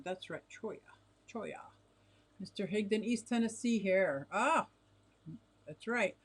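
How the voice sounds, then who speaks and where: A bubbly middle-aged woman hosts a relaxed home livestream, reading out and answering viewer comments. She talks in a chatty, giggly way that drifts between soft asides and excited exclamations, with a voice of middling pitch. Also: measured pace, pauses often. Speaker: livestream host reading chat. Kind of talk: casual livestream chat. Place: home fish room with tanks.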